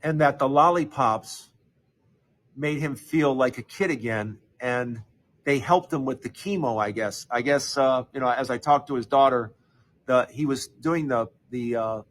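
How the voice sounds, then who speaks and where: A middle-aged man telling a personal story in a conversational, halting way, with restarts and fillers, and a softer, lower voice when he quotes others.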